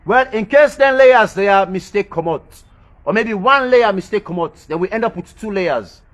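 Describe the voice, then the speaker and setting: A man delivering a rambling monologue in creole-tinged informal English. He repeats phrases for emphasis and chuckles softly to himself. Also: high-pitched, lively intonation, normal speed. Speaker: social media commentator. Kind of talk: rambling spoken monologue about planets and religion.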